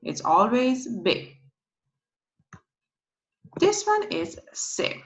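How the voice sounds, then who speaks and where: A woman giving a slow pronunciation lesson, who repeats each sound patiently several times. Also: on the high side, huge pitch swings. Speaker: language teacher. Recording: dull lo-fi recording.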